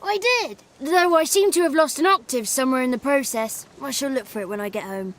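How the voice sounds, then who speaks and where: A woman's voice: high voice, fairly quick, lightly acted. A woman voicing a cheeky little swamp sprite. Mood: coaxing. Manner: chatty, cheeky, pleading. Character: small mischievous male swamp sprite, cheeky. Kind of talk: video game cutscene acting.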